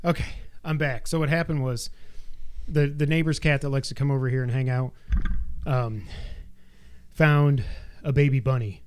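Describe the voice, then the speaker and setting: Male podcast co-host, casual, mid-pitched, reads news with wry interruptions. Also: steady tone, normal speed, clear, resonant tone. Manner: reads press copy with asides and jokes. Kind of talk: casual chat, reading news aloud. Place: home.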